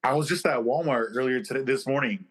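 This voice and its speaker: A man co-hosting a podcast in casual chat, laid-back and joking, who drops his voice low for asides. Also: quick pace. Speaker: podcast co-host.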